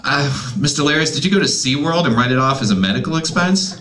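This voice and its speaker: A man's voice: a little high, lively intonation, fast, a bit bright, pitched above the performer's own voice, poor audio. A man voicing a suspicious male health insurance caller in a prying, bureaucratic manner.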